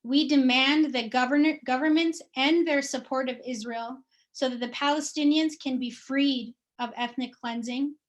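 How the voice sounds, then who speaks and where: A woman activist reading a prepared statement in a forceful, declarative way. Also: high voice. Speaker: activist speaker.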